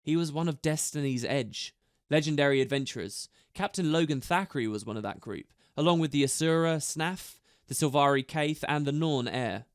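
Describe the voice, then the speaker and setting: A man voicing a wary young man, a prisoner speaking in a hushed, careful way. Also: on the high side, normal speed, dry recording, clean studio sound, close to an everyday voice.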